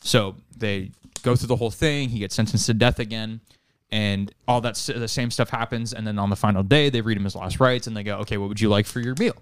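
A man's voice: lowish voice, steady tone, a little fast, clean tone, dry recording. Rambling man telling a long joke. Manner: rambling storyteller, laughs at his own joke, swears casually. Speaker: podcast co-host.

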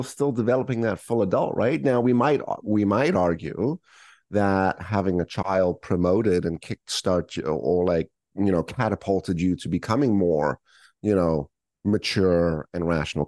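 A man's voice: low voice, a little mellow, dry recording, studio quality. A middle-aged man coaching in a podcast interview, explaining with acted-out examples and frequent "right?" tags. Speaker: podcast guest, leadership coach. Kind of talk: conversational interview.

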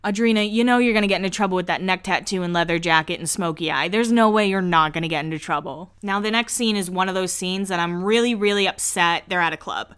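A young woman hosting a podcast, recapping a reality show in a gossipy, casual way with low asides. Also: fairly bright tone, clean tone. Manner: chatty, gossipy, laughs often, drops into low asides. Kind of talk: casual chat.

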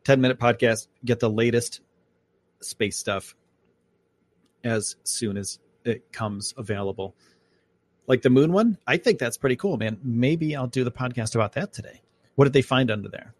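A man's voice: mid-range voice, moderate pace. A man hosting a live podcast, chatting casually and rambling about space and his plans. He comes from upstate New York. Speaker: podcast host. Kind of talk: casual live-stream chat. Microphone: microphone at home.

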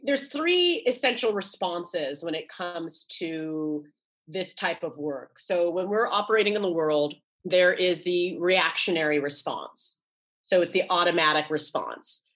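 A woman's voice: fairly low pitch, expressive, a little slow, a bit bright. A woman in her forties, a guest author, talking earnestly in a casual interview and often restarting and repeating her words. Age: 40s.

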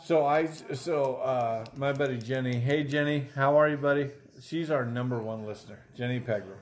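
A man's voice: mid-range voice, moderate pace. A man in his forties hosting a podcast, chatting casually with friends as a rambling, profane storyteller who laughs often. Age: 40s. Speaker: podcast host. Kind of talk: casual banter among friends.

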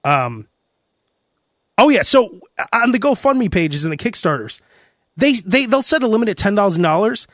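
A man hosting a podcast in casual chat, animated and jumping between topics. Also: high voice, normal speed, no room sound, clean studio sound. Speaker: podcast host.

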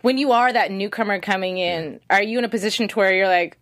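A woman's voice: medium pitch, fast, a bit bright. A woman from North Carolina hosting an interview, playful and teasing as she asks her guest questions. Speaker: interviewer host. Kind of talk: casual interview chat.

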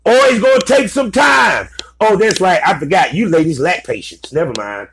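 A man's voice: high-pitched, expressive, moderate pace, creaky, a bit bright, shouting, a little hiss or hum. A man giving blunt, profane business advice in a casual, ranting commentary. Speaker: vlogger giving advice to content creators.

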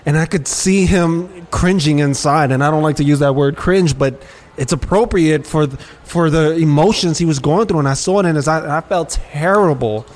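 Male podcast host with a slightly raised pitch; candid, rambling storyteller with frequent restarts. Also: moderate pace, darkish tone. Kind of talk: casual chat.

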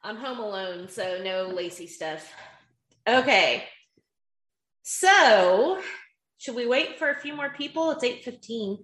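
A woman's voice: a little high, lively intonation, takes it slowly, long pauses, a bit bright, roomy sound, rough recording. A woman with a Southern US accent co-hosting a podcast on a live video call, chatty and giggly. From Southern United States. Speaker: podcast co-host.

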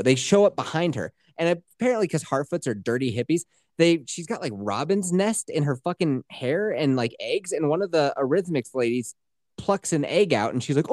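A man hosting a casual podcast, telling stories in a profane, animated way and breaking into laughter. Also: medium pitch, normal speed, no echo, studio quality. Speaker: podcast host.

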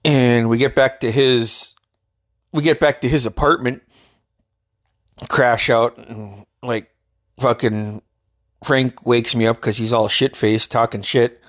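A man's voice: medium pitch, steady tone, slow pace, long pauses. A man from Alaska telling a casual personal story, rambling and profane, often restarting his sentences and chuckling. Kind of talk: casual spoken anecdote.

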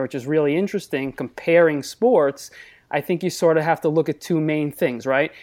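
A man from Long Island, New York, with a thick local accent serves as a talkative, analytical guest judge on a casual podcast, poking fun at himself along the way. His voice is fairly high-pitched with a darkish tone.

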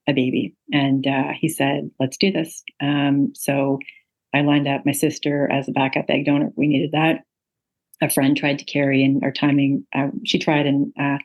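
A woman's voice: low-pitched, darkish tone, husky, rough recording. A middle-aged woman, an author and interview guest, telling a personal story earnestly with many ums and uhs. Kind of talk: interview conversation.

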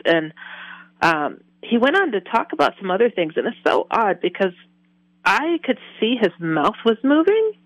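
A woman guest in an interview, telling a personal story in animated detail and acting out her own reactions with laughs. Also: fairly low pitch, no echo, low-quality recording. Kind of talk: personal testimony.

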